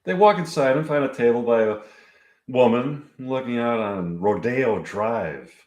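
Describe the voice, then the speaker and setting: A man reading his own comedy script aloud at home, halting and thinking aloud between lines. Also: mid-range voice, animated, darkish tone. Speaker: amateur writer performing his own script. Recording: echoey room.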